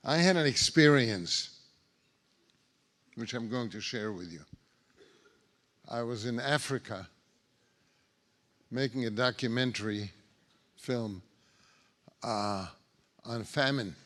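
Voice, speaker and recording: An older man, a Holocaust survivor, answering questions at an assembly and telling a story slowly, with many pauses, fillers and restarts. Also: mid-range voice, fairly bright tone. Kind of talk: storytelling Q&A talk.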